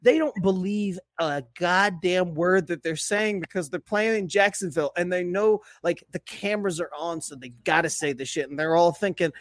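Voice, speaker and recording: A man co-hosting a podcast, chatting casually about football, animated and profane, laughing often. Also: sits high, moderate pace, hardly any pauses, no room sound. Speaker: podcast co-host. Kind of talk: casual sports chat.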